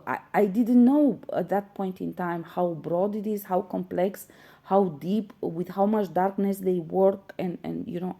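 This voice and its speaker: Woman preaching about spirit stuff, earnest, lots of ums, kinda gravelly voice. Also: medium pitch, warm tone. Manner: earnest, insistent, many fillers and restarts. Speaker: spiritual channel host. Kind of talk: spiritual teaching monologue.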